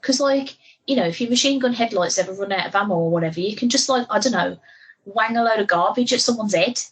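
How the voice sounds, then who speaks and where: A woman's voice: medium pitch, fast talker, slightly rough, low-quality recording. A woman co-hosting a podcast in casual, giggly, rambling chat. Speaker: podcast co-host.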